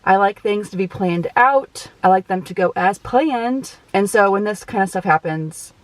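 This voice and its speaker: A woman's voice: medium pitch, moderate pace, poor audio. A woman, a dietitian, chatting casually to her viewers in a day-in-the-life vlog. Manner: chatty, talks straight to viewers. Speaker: outpatient dietitian vlogger.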